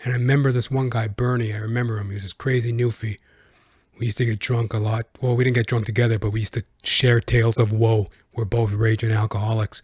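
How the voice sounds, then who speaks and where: A man's voice: lowish voice, level tone, fast talker, no echo, clean studio sound. A man hosting his own podcast, telling stories in a casual solo monologue, profane and rambling. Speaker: podcast host.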